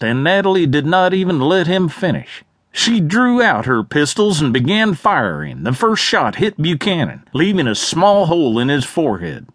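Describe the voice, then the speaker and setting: A man narrating a western audiobook with lively, expressive storytelling. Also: fairly high pitch, no echo, studio quality.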